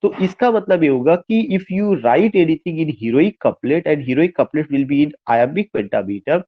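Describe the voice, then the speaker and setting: A man with an Indian English accent lectures an online class on poetry. His voice sits somewhat high and comes through muffled, lo-fi audio. He repeats key points, poses rhetorical questions and switches between English and Hindi. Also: expressive, racing, slight background noise. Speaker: literature teacher.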